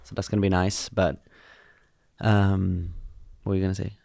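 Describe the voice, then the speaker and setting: A man's voice: low voice, flat delivery, normal speed, vocal fry, a little mellow, no room sound, studio quality. A man co-hosting a podcast, chatting casually and playfully with frequent laughs. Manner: laughs often, playful banter. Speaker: podcast co-host. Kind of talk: casual chat.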